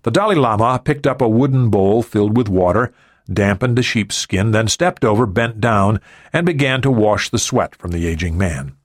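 A man reading a thriller audiobook in steady scripted narration. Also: on the low side, normal speed, dry recording, clean studio sound.

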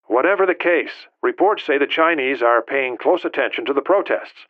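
A man's voice: medium pitch, animated, moderate pace, no echo, pitched above the performer's own voice. A man playing a grave spy chief on a tinny phone. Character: serious male intelligence director on a phone. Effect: phone filter. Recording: narrow tinny phone line.

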